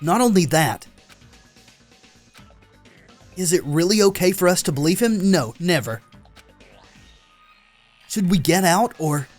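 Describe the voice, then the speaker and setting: Excited man commenting on a game, music behind. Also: high voice, normal speed. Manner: excited, talks back to the game characters. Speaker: gameplay commentator. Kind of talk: let's play commentary.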